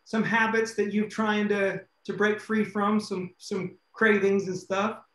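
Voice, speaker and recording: An upbeat man hosts a group video call, his voice pitched high for a man. He cheers people on and steers them along gently. The sound is echoey, from a room heard through the call. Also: level tone. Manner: upbeat, encouraging, quick to cut in. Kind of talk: casual chat.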